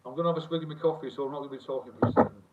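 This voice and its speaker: A man's voice: fairly high pitch, steady tone, racing, heavy background noise. A middle-aged man, rambling and swearing freely as he chats and reads comments on a live stream. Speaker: livestream host. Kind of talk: casual live-stream chat. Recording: tinny phone-like sound, distant from the mic.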